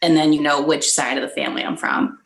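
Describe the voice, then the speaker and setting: A woman's voice: sits low, steady tone, quick pace, creaky, a bit bright. A woman being interviewed on a podcast, reacting with short amused comments and dry jokes. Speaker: podcast guest. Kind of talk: casual interview chat. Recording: echoey room with faint noise.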